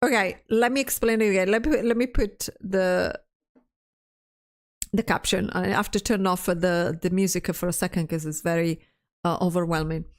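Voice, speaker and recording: A woman's voice: lowish voice, steady tone, moderate pace. A stressed woman streamer in casual livestream chat, ranting, swearing often and restarting her sentences as she reads chat aloud.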